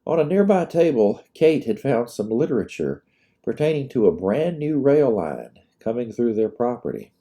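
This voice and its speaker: A man narrating his own historical storybook in a measured, expressive reading. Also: mid-range voice. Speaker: author narrating his book.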